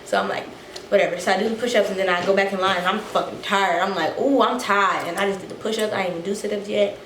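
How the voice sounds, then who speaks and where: A young woman telling a casual story to her vlog viewers, animated and a little out of breath, acting out the quotes. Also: medium pitch, fast. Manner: animated, acts out quotes, swears freely. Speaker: vlogger. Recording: echoey room, faint noise.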